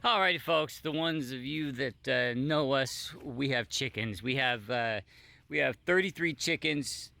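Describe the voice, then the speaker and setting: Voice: mid-range voice, a little slow, vocal fry, pushed and bright. A vlog host reacting to clips in a casual, mocking way, often laughing.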